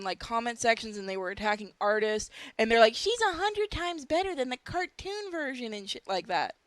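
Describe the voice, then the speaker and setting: Woman host, mid pitch, blunt crude banter, dry close recording. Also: fairly bright tone, smooth, dry recording. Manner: blunt, crude, laughing asides. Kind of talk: casual podcast chat.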